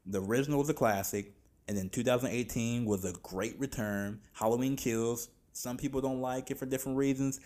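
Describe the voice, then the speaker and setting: Animated, profane man ranting about films. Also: on the low side. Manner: animated, profane, exasperated, slangy. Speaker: podcast host reviewing films. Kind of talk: casual rant review.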